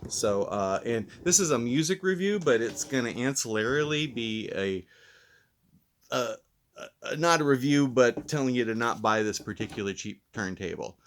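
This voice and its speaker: A man's voice: medium pitch, expressive, moderate pace, a little hiss or hum. A man hosting a casual vlog review who talks in a rambling, laid-back, self-deprecating way while mildly stoned. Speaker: host and reviewer.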